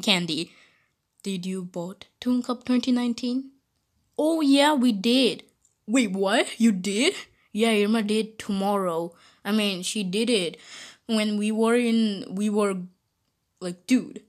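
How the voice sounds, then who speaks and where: A woman playing through a mobile game while voicing bickering cartoon characters, often giggling. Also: on the high side. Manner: giggly, bickering, slow-spoken. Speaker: game video maker voicing her characters. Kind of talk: playful role-play over gameplay.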